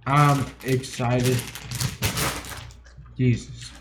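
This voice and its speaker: Slow-talking rowdy, foul-mouthed podcast man. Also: medium pitch, flat delivery, background noise. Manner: rowdy, loud, profane joking. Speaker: podcast co-host. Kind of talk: casual chat.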